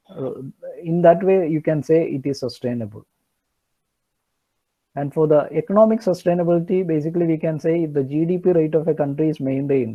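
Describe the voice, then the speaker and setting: A man's voice: fairly high pitch, narrow, tinny audio. A man giving an online engineering lecture, hesitant with many fillers and restarts.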